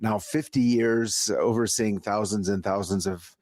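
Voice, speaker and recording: A man's voice: lowish voice, steady tone, measured pace, darkish tone, dry recording, clean studio sound. A man hosting a talk show, introducing his guest and recapping the story with many hesitations and light laughs. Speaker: radio talk host. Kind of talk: radio interview hosting.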